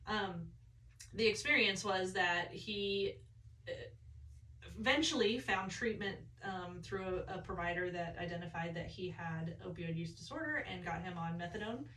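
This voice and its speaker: A woman speaking earnestly and reflectively as a guest in a casual chat, with hesitant pauses. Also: on the low side, pushed and bright. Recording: roomy echo, distant mic, faint room noise.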